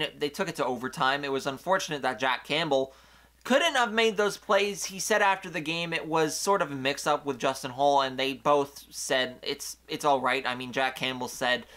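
A young man recapping a hockey game on his own channel, talking in an animated way that swings from excited outbursts to quiet asides. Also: on the high side. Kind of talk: solo game recap commentary.

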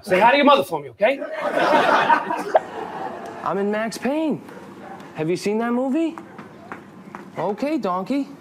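A man playing a brash, excitable male film star who pushes and repeats himself while laughing. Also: high-pitched, a little slow, pauses often. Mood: pushy. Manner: pushy, repeating himself, laughing mid-line. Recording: clip with loud background noise.

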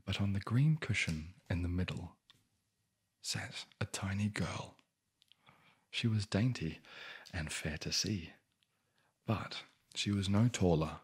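A man's voice: low voice, husky. A man telling a bedtime fairy tale in a whispered ASMR style, with dry, sarcastic asides. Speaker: ASMR storyteller.

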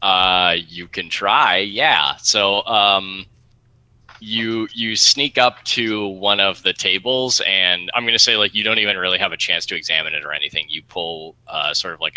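A man narrating a tabletop game as game master, describing scenes in a halting way with many fillers. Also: low voice, pushed and bright, no echo, low-quality recording.

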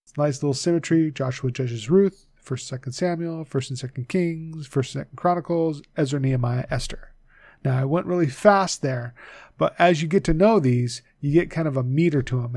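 A man giving a video lesson, patiently drilling a list and repeating names slowly so viewers can learn them. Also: fairly high pitch, creaky, dark tone, dry recording, clean studio sound. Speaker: Bible teacher.

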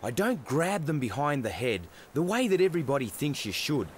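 Australian male wildlife presenter, higher voice, very animated delivery, noisy outdoor field recording. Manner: excitable and animated, quick exclamations. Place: outdoors in the bush.

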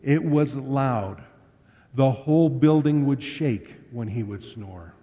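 A man preaching a sermon, telling stories in a relaxed, conversational way. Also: medium pitch, slow. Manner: conversational, anecdotal storyteller. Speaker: pastor. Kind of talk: storytelling sermon. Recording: dull lo-fi sound with long hall reverb.

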